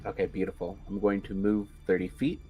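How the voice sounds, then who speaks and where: A man's voice: deep voice, level tone, a little fast, phone-quality sound, soft background music. A man playing a tabletop role-playing game, chatting casually and thinking aloud with hesitations. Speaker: player.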